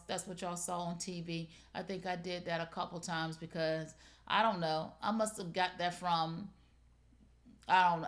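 Talking straight to her audience, a middle-aged woman runs a live shopping show and pitches deals in a chatty, playful way.

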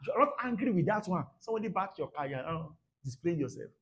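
A man preaching a sermon, dramatic, dropping to soft murmurs and then bursting out, repeating phrases for emphasis. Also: a little high, very animated, fast talker. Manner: repeats phrases for emphasis, laughs at his own points. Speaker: pastor.

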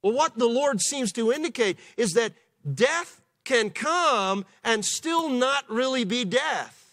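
A man preaching a sermon as pastor, in a measured way with slow, emphatic pauses. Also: very high voice, expressive, fairly bright tone. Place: church.

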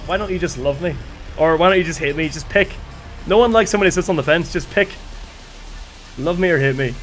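Pitched high and sounding slightly strained, this man calls a game live on stream with eager energy. He keeps pausing to thank his viewers.

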